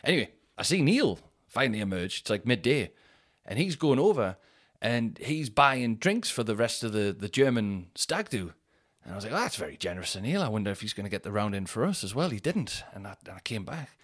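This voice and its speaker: A man spinning a loose, rambling anecdote on a podcast. His voice sits fairly low, and he stumbles into restarts while slipping into the voices of the people he quotes. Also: sing-song, fairly bright tone, slightly rough. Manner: rambling storyteller, quick restarts, acts out quotes. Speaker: podcast host. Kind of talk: casual anecdote telling.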